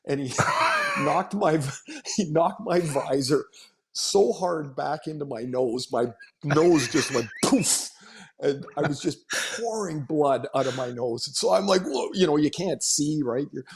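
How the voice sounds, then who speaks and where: A somewhat high, creaky, expressive voice belongs to a middle-aged former hockey player speaking at a measured pace. He rambles through casual anecdotes on a podcast, laughing and repeatedly starting sentences again.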